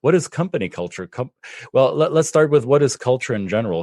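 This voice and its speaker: A man with a German accent, a native German speaker, calmly explaining ideas as a podcast guest, with frequent restarts. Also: lowish voice, moderate pace, no room sound, studio quality. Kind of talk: podcast interview.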